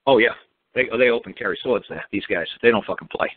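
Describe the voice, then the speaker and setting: A man's voice: on the low side, quick pace, slightly rough, dry recording. A man talking as a guest on a call-in show, telling a story in a blunt, emphatic and heavily profane way. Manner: emphatic, commanding. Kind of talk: casual call-in radio talk. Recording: dry tinny phone line.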